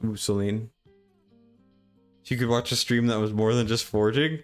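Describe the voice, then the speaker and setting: A young man casually talking through a game stream in a low-key, near-monotone way, reading chat aloud. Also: moderate pace, clear, resonant tone, soft background music. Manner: laid-back, mumbling, reads chat aloud.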